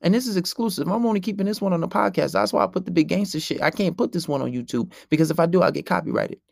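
Gravelly brash man ranting on a podcast. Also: sits high, very fast, darkish tone, no room sound, clean studio sound. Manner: brash, profane and preachy. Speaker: podcast host. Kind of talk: solo podcast rant.

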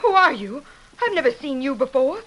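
A gutsy young western gal, old radio play, high bright voice, determined. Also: female voice, very animated, moderate pace, a little hiss or hum, low-quality recording. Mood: tense. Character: brave young frontier woman, bold. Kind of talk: 1940s radio acting.

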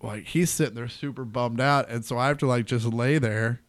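A man, a comedian guest, telling a story in casual chat and acting out quotes loudly. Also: medium pitch, brisk. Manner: animated, acts out quotes loudly.

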